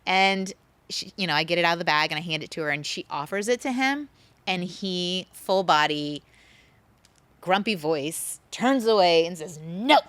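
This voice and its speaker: A woman's voice: on the low side, moderate pace, no echo. A middle-aged woman, a guest author, telling stories animatedly in a casual interview. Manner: animated storyteller, acts out quotes. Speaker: podcast host and author, guest.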